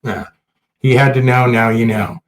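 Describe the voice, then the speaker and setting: A man's voice: medium pitch, moderate pace, reverberant, poor audio. A man with a mid-range voice hosts a laid-back podcast. He talks in a crude, joking way and tells stories with lots of energy. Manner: crude, joking, animated storyteller. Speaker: podcast host. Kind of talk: casual podcast chat.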